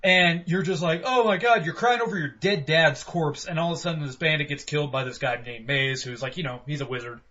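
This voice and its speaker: A man co-hosting a game review podcast, talking in an animated way and swearing freely. His voice sits fairly high for a man. The audio is dull and lo-fi. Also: a little fast, few pauses. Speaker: podcast co-host. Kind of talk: casual game review chat.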